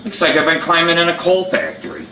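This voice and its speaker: A man's voice: on the high side, sing-song, moderate pace, pushed and bright, recorded from a distance, slight background noise. Blunt rambling older man, echoey room. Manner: blunt, rambling, profane and chatty. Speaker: channel host. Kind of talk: casual how-to vlog chat.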